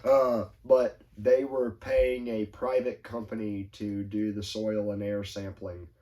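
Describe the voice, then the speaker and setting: A man hosting a podcast, talking in a rambling, animated way with quick asides and quoted voices. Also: lowish voice. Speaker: podcast host. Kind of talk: casual chat.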